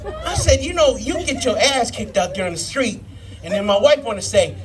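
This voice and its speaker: A man's voice: extremely high pitch, very animated, a little fast. A man in his fifties doing a live stand-up set, telling profane stories and working the crowd. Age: 50s. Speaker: stand-up comedian. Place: live brew pub comedy show.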